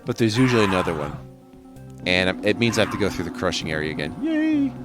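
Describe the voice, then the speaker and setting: A man's voice: low-pitched, fast. A man giving casual, jokey commentary while playing a video game, rambling and swearing freely. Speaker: let's play host. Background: game music.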